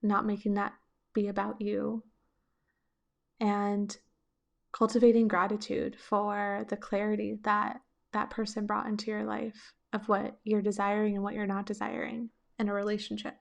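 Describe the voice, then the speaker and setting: A woman hosting a podcast, answering listener questions with reflective, gentle relationship coaching and casual filler words. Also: medium pitch, monotone, normal speed, creaky.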